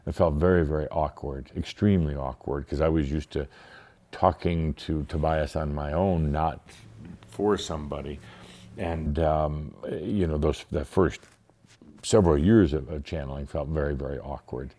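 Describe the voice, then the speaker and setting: A man's voice: very deep voice, moderate pace, warm tone. A middle-aged man from the United States, a guest in an interview, telling a personal story in a reflective, hesitant way with many fillers.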